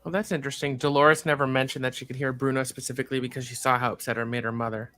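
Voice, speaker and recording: A man's voice: mid-range voice, flat delivery, rapid-fire, pushed and bright. A man hosting a casual movie watch-along, chatting with enthusiasm. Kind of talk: casual chat.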